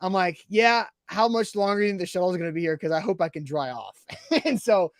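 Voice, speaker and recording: A high-voiced man co-hosting a sports podcast, recounting a mishap with lively, animated delivery. He acts out his own reactions as he goes. The sound is dry and close, with little room echo. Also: a little fast. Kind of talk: casual chat, storytelling.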